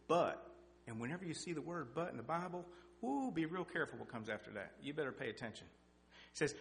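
Folksy middle-aged preacher man. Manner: folksy, animated, climbs in pitch and loudness for emphasis. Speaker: lay preacher. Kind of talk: sermon with personal testimony. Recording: echoey hall with faint hum.

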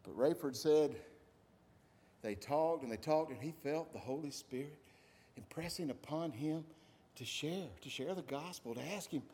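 A man preaching a sermon, his voice pitched high above most men's. He tells his stories with lively energy and acts out the voices of the people in them. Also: normal speed, husky. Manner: animated storytelling, acts out voices. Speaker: pastor.

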